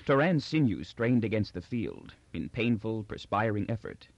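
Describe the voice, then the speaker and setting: A man narrating a science fiction story in a steady, expressive reading voice. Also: fairly low pitch, normal speed, no echo. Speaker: audiobook narrator. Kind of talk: scripted narration. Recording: dull lo-fi dry recording.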